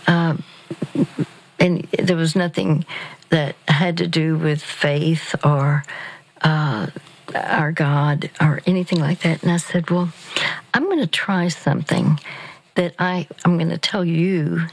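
An older woman giving gentle, measured Christian counsel on a call-in radio show. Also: low-pitched, steady tone, low-quality recording. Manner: slow, gentle, measured, with fillers.

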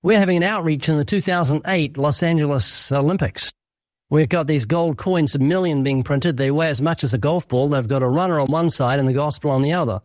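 A man talking fast as a guest on a radio interview, telling stories. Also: on the high side, darkish tone, no echo.

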